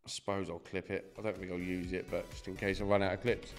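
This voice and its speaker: A man's voice: low-pitched, flat delivery, fast, faint music behind. A young man doing casual live-stream commentary, swearing freely and chatting to his viewers. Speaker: slot streamer.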